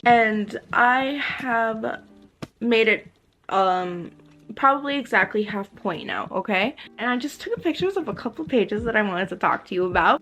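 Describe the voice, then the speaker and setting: A young woman vlogging casual reactions while reading, ranting in an animated, exasperated way. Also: a little high. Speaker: book vlogger.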